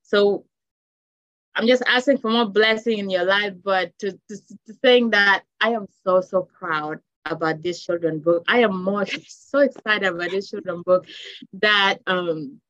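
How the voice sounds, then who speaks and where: A woman from Africa, a children's book author, speaking in a heartfelt, halting way with many restarts in an interview. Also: medium pitch, a bit bright, dry recording. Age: adult with children. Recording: dull dry lo-fi sound.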